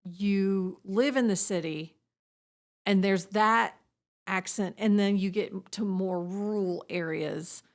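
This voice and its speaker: A woman's voice: mid-range voice, slow pace. A woman with a Kentucky Southern accent co-hosting a podcast. Her mid-range voice chats along loosely, circling back with fillers and self-deprecating asides. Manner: chatty, rambling, self-deprecating. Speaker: podcast co-host. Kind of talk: casual chat.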